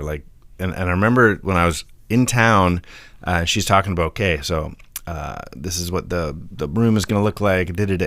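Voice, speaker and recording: A man's voice: low-pitched, a bit bright, no echo. A man co-hosting a podcast in casual comedic chat, cracking dry jokes and puns. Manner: dry jokes, pun-making storyteller. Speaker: podcast co-host.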